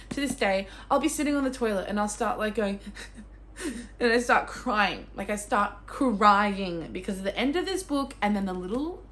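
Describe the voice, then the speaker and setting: A young Australian woman talking casually about books as a vlogger, gushing and excitable, with sudden squeals and swearing. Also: on the high side. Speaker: book vlogger. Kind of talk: casual chat.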